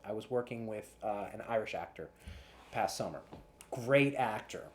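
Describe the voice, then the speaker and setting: A man's voice: lowish voice, moderate pace, a little hiss or hum. A man who works as a casting director, giving earnest audition advice to actors. He often restarts and repeats words as he talks.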